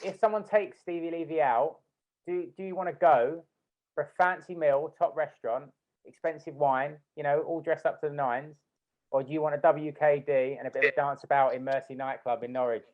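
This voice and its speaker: A man co-hosting a podcast on a video call, quick, jokey and self-deprecating. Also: on the high side, steady tone, lo-fi sound. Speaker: podcast co-host. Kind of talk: casual interview chat.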